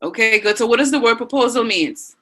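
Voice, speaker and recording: A woman teacher with a Bahamian accent, leading an online class and warmly reading out and praising students' answers. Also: on the high side, a little fast, poor audio. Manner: encouraging, reads students' answers aloud with frequent praise.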